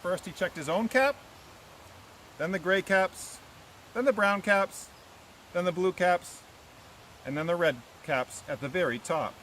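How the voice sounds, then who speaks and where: A man's voice: high voice, measured pace, pauses often, slight background noise, low-quality recording. A man, a teacher, reading a picture book aloud to children outdoors and asking them questions as he goes. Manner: animated, asks children questions.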